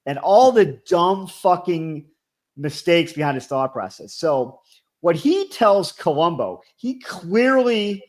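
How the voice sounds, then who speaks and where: A man co-hosting a podcast, chatting casually with mocking, deadpan jokes. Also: high voice, slow pace. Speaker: podcast co-host.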